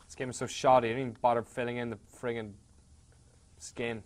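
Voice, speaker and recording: A man's voice: mid-range voice, flat delivery, brisk. A man giving casual, wry let's-play commentary with swearing asides.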